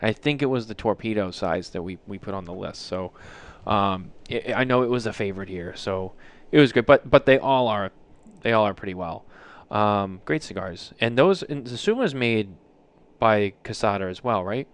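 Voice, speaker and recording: Male podcast host, smooth clear voice, teasing and profane, casual banter in a studio lounge. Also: on the low side, expressive, moderate pace. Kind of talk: casual chat.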